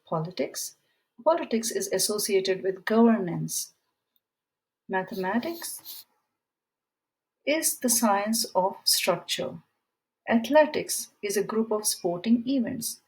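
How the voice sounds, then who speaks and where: A woman's voice: medium pitch, rough recording. A woman teaching a grammar lesson, explaining rules through example sentences and reading quiz items aloud. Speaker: English teacher. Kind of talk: slow, deliberate grammar lesson.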